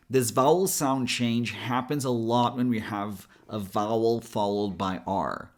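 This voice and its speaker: An American man coaching pronunciation, taking each word apart syllable by syllable. He talks slowly and with a lively, rising and falling pitch, spelling out sounds carefully for learners. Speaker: accent coach. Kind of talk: pronunciation lesson.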